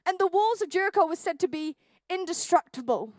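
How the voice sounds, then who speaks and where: A young woman, preaching a church sermon and telling a funny personal story with animated, jokey delivery. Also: very high-pitched, a little fast, no room sound. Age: 20s. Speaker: youth pastor. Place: church hall.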